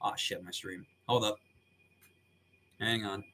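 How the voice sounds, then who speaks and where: A man's voice: lowish voice, steady tone, slow pace, bright, forceful tone. A man reacting live on stream, talking in a casual, slangy way with frequent swearing and laughter.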